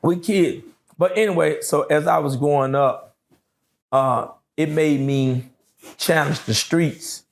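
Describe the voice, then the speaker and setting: A middle-aged man telling his life story in an interview, slow and drawling with many fillers. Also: on the high side, vocal fry. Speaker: interview guest.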